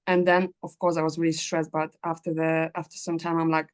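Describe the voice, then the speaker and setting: A woman's voice: low voice, little pitch movement, fairly quick, few pauses, clear, resonant tone. A woman from Poland with a Polish accent, a native Polish speaker, hosting a casual chat; she talks chattily and acts out her own inner thoughts. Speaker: host. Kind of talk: casual conversation.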